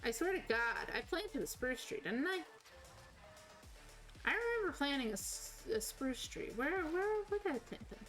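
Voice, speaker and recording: A woman's voice: a little high, poor audio. A woman with a slight Southern US accent, chatting casually and rambling as a game streamer. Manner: rambling, self-correcting, chatty. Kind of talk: casual chat while playing.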